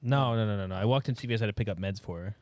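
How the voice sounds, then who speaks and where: A young man co-hosting a podcast in casual chat, animated and teasing, swearing easily. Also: lowish voice, very fast, no echo. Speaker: podcast co-host.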